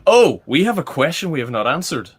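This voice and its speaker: A man's voice: on the high side, very animated, a little fast, slightly rough. A man guest telling a rambling anecdote in casual chat, laughing often. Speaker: guest band member.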